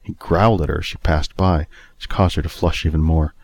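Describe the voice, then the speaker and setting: A man narrating a story in a steady, even reading voice. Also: extremely low pitch, brisk, no echo.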